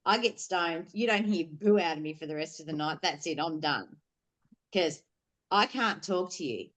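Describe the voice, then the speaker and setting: A woman speaks as a podcast guest, telling a personal story openly. She is blunt and swears freely, rambling with plenty of fillers in a somewhat low voice. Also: moderate pace, a bit bright. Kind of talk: candid storytelling conversation.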